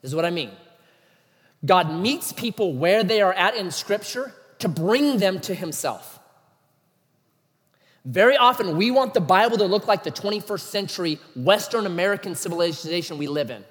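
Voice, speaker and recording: Animated high-voiced male preacher. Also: normal speed, long reverb tail. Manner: animated, emphatic, many rhetorical questions. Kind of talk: sermon.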